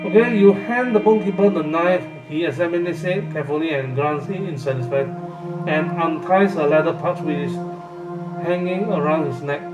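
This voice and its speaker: A nervous man reads a fantasy gamebook aloud, halting and restarting, with his voice sitting a little high. He sounds distant in a roomy space, with music playing behind him. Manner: hesitant, halting, with many fillers and restarts. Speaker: gamebook reader and channel host. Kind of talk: casual live gamebook playthrough.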